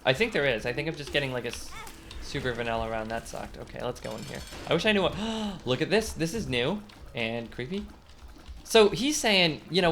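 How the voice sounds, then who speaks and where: A man's voice: on the high side, lively intonation, a little fast, a bit bright, a little hiss or hum. A young man telling a rambling story as he plays a game, switching between acted-out quotes and sudden outbursts at what is on screen. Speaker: gaming commentator. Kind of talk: casual let's-play storytelling.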